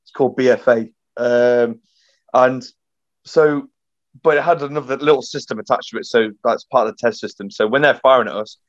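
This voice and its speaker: A young man, a podcast guest, telling army stories in a casual, sweary, animated way. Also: mid-range voice, fairly quick, no room sound, highs cut off. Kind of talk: casual storytelling chat.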